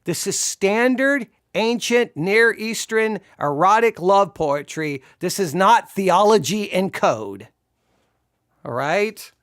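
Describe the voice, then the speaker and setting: A man giving a sarcastic, exasperated commentary while reviewing a sermon, shifting between slow explanation and animated disbelief. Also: high voice, no echo, studio quality. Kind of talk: video commentary.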